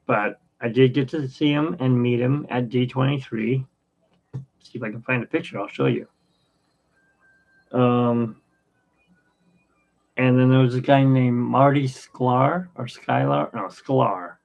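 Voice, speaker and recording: A man in his fifties talks in a gravelly, creaky voice, drifting from story to story with many ums and restarts. His pitch sits in the middle range. The sound is dull and lo-fi. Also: fairly even intonation. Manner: rambling, anecdotal, halting with fillers. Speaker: podcast host. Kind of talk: casual rambling chat.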